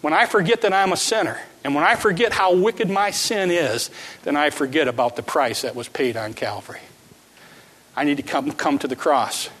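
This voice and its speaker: A man preaching a sermon, repeating his phrases with emphasis and swinging from quiet lines to shouts. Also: a little high, moderate pace, long reverb tail.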